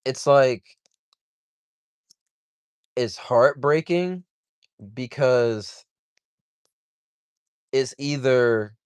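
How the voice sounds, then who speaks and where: A man's voice: medium pitch, drawn-out words, long pauses, clean tone, no room sound. A man hosting a livestream, venting in a heated, profane, rambling complaint. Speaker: livestream host.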